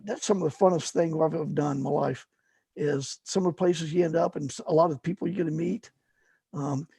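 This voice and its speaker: Middle-aged man, casual storyteller, gravelly and husky, loose rambling delivery. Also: fairly high pitch, dark tone, no echo. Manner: rambling, lots of fillers and restarts. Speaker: guest, paramotor fly-in organizer.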